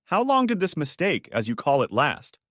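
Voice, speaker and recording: A man's voice: on the high side, huge pitch swings, normal speed, fairly bright tone, no room sound, pitched above the performer's own voice. A man playing a cold, furious betrayed husband. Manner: cold and caustic.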